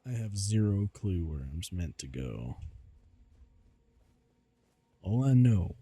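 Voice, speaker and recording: A man's voice: deep voice, sing-song, slow, mellow, husky, no room sound. A man commentating his own game stream, chatty and self-deprecating, laughing often. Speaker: VTuber streamer.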